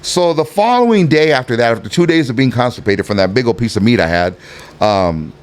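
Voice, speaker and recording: A middle-aged man with a Southern California Chicano accent, telling a profane, animated story as a podcast guest and acting out the voices in it. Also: medium pitch, fairly quick. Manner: animated, profane, acts out every voice in his stories. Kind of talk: casual storytelling in a podcast interview.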